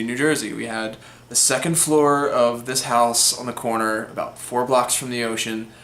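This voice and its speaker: A man's voice: medium pitch, a bit bright. A young man hosting a film vlog, reviewing a classic movie in a rambling, chatty way with many fillers. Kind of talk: casual movie review monologue. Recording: roomy echo.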